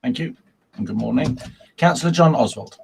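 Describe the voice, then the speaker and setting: A man's voice: mid-range voice, expressive, moderate pace, gravelly, slight background noise. A man chairing a formal council meeting over a video call, working through procedure with frequent ums and uhs.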